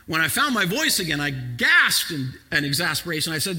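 Animated preaching man in a reverberant church. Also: a little high, moderate pace, husky. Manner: animated preaching, swings from quiet to shouting. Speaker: pastor. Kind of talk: sermon.

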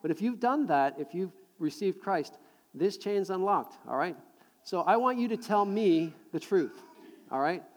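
A middle-aged man preaching a sermon to a live congregation, animated and jokey, repeating words as he builds a point. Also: sits high, measured pace. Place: large hall with audience. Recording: long hall reverb.

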